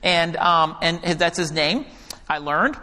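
A male pastor preaching a sermon and telling a story, animated at times and hushed when he quotes a prayer. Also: a little high, a little slow. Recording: hall reverb.

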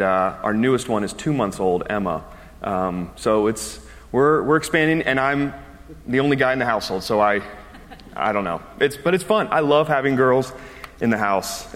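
A man in his thirties, a pastor giving a chatty, conversational sermon and laughing easily between his words. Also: medium pitch. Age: 30s. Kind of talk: conversational sermon with personal story. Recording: long reverb of a large hall.

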